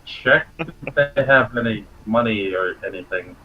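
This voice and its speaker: A man's voice: mid-range voice, unhurried, slightly rough, narrow, tinny audio. A man playing a tabletop role-playing game, describing his character's actions hesitantly. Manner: hesitant, many fillers. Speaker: player.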